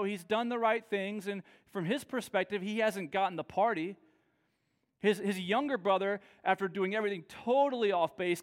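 A man preaching a sermon with earnest emphasis, dropping soft and low, then rising with energy. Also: big-room sound. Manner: earnest, shifts between soft low lines and raised emphatic ones. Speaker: pastor.

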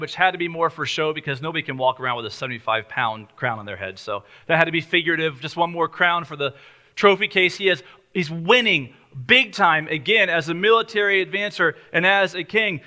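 A man's voice: on the high side, sharp tone. A male pastor preaching an earnest, emphatic sermon full of rhetorical questions.

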